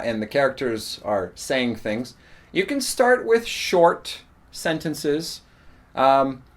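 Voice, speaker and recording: Relaxed male teacher, plenty of fillers. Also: mid-range voice. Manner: relaxed, explaining with frequent fillers. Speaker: English teacher. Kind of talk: casual spoken lesson.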